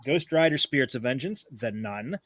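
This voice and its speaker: A man's voice: medium pitch, moderate pace, no echo. A man co-hosting a horror movie podcast, reading film facts from his show notes and joking with his friends in casual chat. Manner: animated, joking banter. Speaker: podcast co-host.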